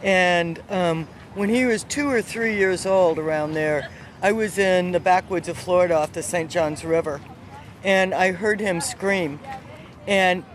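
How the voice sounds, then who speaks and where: An animated woman tells a personal story outdoors, her voice lively and expressive. She talks in a casual, chatty way to someone on the street. Faint traffic sounds drift behind her. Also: on the low side. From not the US South. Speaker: passer-by telling a personal story.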